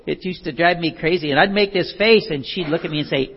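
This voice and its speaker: A man's voice: fairly high pitch, fast talker, a little hiss or hum. A man giving a talk in a folksy, storytelling way, with chuckles and self-deprecating, rambling asides. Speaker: speaker giving a talk on love. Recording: dull lo-fi recording.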